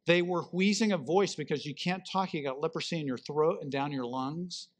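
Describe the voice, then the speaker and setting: Male pastor, slightly high voice, animated storytelling sermon. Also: normal speed. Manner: animated storytelling, acting out the lepers.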